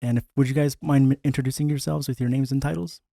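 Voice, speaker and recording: A man's voice: mid-range voice, steady tone, gravelly, warm tone, no echo, studio quality. Laughing man hosting a podcast. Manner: laughing, halting with restarts. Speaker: podcast host. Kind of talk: casual podcast chat.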